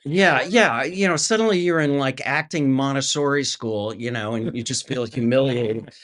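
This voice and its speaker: A middle-aged actor telling a story as a guest, lively and full of restarts, acting out the voices of others. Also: male voice, medium pitch, normal speed. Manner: lively anecdote teller, acts out quoted voices, many restarts. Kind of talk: animated storytelling.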